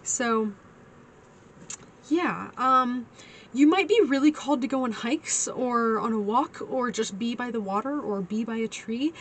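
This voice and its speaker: A woman's voice: fairly high pitch, measured pace, a little hiss or hum. A woman giving a casual tarot reading, chatty and giggly, calling her listeners honey. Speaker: tarot reader.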